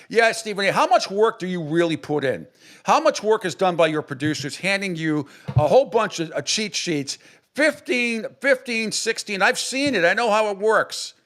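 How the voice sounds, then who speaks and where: A man's voice: sits high, animated, normal speed, fairly bright tone. A man in his fifties hosting sports radio, giving a blunt, profane, opinionated monologue.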